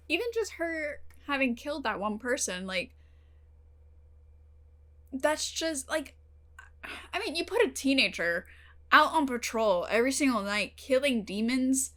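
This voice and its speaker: A young woman hosting her own channel, talking casually and emotionally to the camera, full of fillers and the odd swear word. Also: on the high side. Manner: emotional, animated, heavy use of fillers and swearing. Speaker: reaction channel host. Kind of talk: casual talk to camera about a TV episode.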